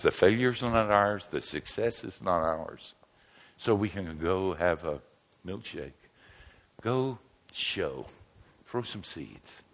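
An older man preaching a humorous sermon, telling stories and joking with the crowd. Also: low-pitched. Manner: animated storytelling, joking with the crowd. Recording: long hall reverb.

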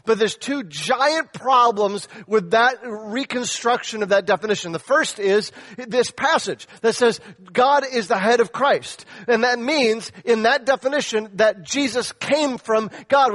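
A man preaching a sermon with emphatic rhetorical questions, his voice swinging high and low. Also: unhurried, hardly any pauses, fairly bright tone, long reverb tail. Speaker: pastor.

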